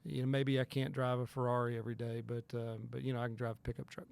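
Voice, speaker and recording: A man's voice: medium pitch, little pitch movement, fast, vocal fry, darkish tone, clean tone. A man, a personal injury attorney talking as a guest on a talk show, earnest and emphatic, with many restarts. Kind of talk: casual talk show conversation.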